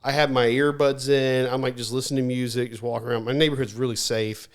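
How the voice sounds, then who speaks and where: A man, a podcast guest, telling a story in a casual, animated way, full of "like" and restarts. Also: mid-range voice, fast talker. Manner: animated, rambling, heavy use of "like".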